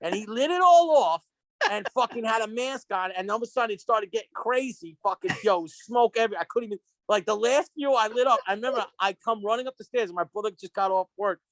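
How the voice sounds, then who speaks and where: Excitable rambling man telling stories. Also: high voice, a little fast, dry recording. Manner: excitable, rambling, full of restarts and acted-out quotes. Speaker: podcast guest. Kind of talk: casual storytelling chat. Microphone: podcast microphone.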